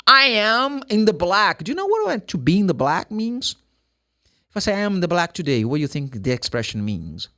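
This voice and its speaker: A man with a Brazilian Portuguese accent, an English teacher explaining grammar and slowly repeating example sentences. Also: sits high, huge pitch swings, bright, forceful tone.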